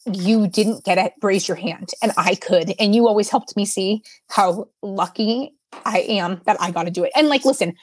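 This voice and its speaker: A woman's voice: medium pitch, moderate pace, slightly rough, dry recording, clean studio sound. A woman co-hosting a podcast, speaking in an effusive, heartfelt way and often restarting her sentences. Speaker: podcast co-host. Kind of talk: casual podcast chat.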